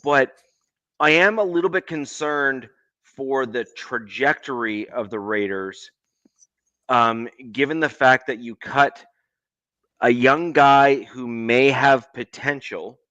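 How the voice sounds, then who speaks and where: A man with a mild Canadian accent, co-hosting a casual sports podcast, measured and hedging with frequent ums. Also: medium pitch, bright, forceful tone, dry recording, muffled recording. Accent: Canadian, close to American. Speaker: podcast co-host.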